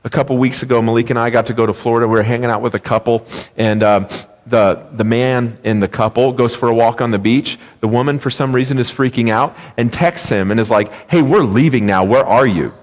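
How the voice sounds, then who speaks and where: A man's voice: medium pitch, fairly even intonation, a little fast. Man preaching in a reverberant church. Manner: storytelling, emphatic, conversational. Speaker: pastor. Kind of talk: sermon. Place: church sanctuary. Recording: long reverb of a church hall.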